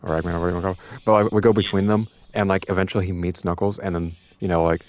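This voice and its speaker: A man chatting casually as a fan, animated and full of restarts. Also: sits low, rapid-fire. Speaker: fan discussing a movie trailer. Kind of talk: casual chat. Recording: dull lo-fi dry sound.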